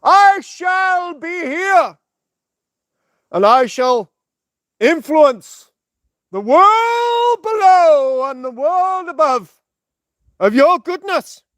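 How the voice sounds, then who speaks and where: A man putting on a slow, grand, shouted voice as Jesus preaching. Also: very high voice, expressive, dry recording, studio quality, pitched above the performer's own voice, exaggerated voice. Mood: solemn. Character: solemn booming Jesus preaching from on high.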